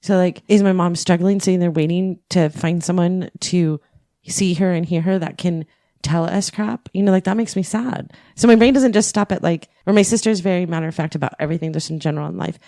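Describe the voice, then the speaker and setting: A woman's voice: lowish voice, brisk, creaky, dark tone, no echo, clean studio sound. A middle-aged woman co-hosting a podcast, telling stories in an emotional, candid way and swearing freely. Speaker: podcast co-host. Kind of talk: casual podcast chat.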